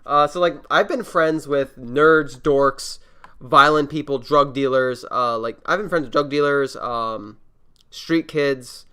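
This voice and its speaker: A man's voice: mid-range voice, takes it slowly, sharp tone, clean tone. A man hosting a casual reaction podcast, rambling and swearing freely. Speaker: podcast host.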